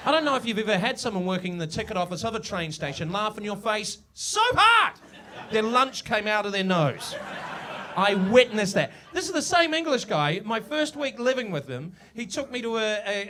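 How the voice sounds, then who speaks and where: A man from New Zealand with a New Zealand accent doing a crude, animated stand-up set in a pub, with loud, shouted punchlines. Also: sits high, normal speed. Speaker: stand-up comedian. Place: live show in a village pub.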